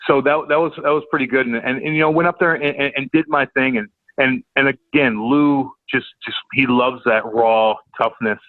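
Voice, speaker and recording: Here's a medium-pitched male voice, steady in tone and normal in speed, belonging to a former hockey enforcer from St. Louis, USA. As a podcast guest he chats and spins stories, swearing, rambling, and repeating himself with stammers. Recording is tinny like a phone line, dry, no echo.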